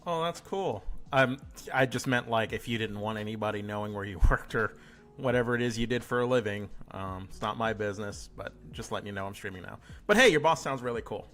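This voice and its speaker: A man's voice: on the low side, a little fast, fairly bright tone, soft background music. Laid-back joking man hosting a stream. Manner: loose and joking, swears freely. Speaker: host. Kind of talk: casual chat.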